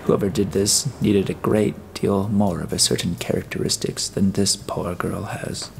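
A man reading an audiobook, voicing a stern, weary detective in a level, terse, deliberate way. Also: sits low, fairly even intonation, gravelly, a little hiss or hum. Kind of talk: audiobook character voice.

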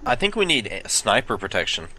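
A man in casual team voice chat during an online shooter, making quick tactical callouts on a headset mic. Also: on the low side, sing-song. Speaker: gamer. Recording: loud gunfire and vehicles behind.

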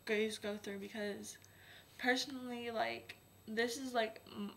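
Nervous young woman vlogger, gravelly. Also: on the high side, steady tone, unhurried, fairly bright tone, slight background noise. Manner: anxious, rambling, heavy "like" filler. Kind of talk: casual vlog.

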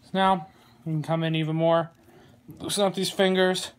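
A man giving a casual how-to tutorial on a glove, relaxed and rambling, with plenty of fillers and small jokes. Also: on the high side, normal speed, clean tone. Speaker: glove maker demonstrating lacing. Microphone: phone camera.

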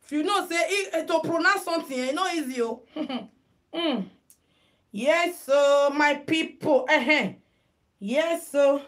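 A woman's voice: sits high, a little slow, fairly bright tone. A Nigerian woman hosting a live headwrap tutorial stream, chatting casually with viewers and mixing in Pidgin. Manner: chatty, mixes Pidgin, greets viewers by name. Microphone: phone.

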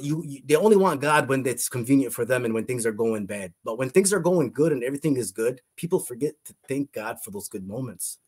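Husky-voiced man giving a fervent testimony. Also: mid-range voice, expressive, brisk, few pauses, darkish tone. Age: adult. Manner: earnest, fervent, often repeats words and restarts. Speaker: interview guest sharing a faith testimony. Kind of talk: emotional personal testimony.

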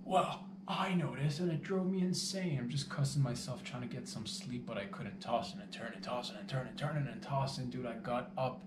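A man's voice: mid-range voice, moderate pace, hardly any pauses, far from the mic. Rambling, playful man in an echoey room. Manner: rambling, playful, self-mocking, swears freely. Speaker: host. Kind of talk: casual comedic monologue. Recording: echoey room, voice from off the mic, noisy background.

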